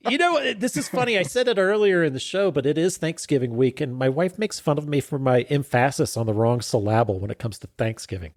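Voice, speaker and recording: A man co-hosting a podcast in casual chat, easygoing and quick to laugh. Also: on the high side, no echo, studio quality. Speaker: podcast co-host.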